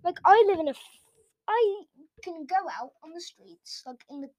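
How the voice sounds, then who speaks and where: High, sarcastic English woman ranting. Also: animated, darkish tone, no echo. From England. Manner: sarcastic and mocking, quick rants. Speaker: reaction video host. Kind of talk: casual ranting commentary.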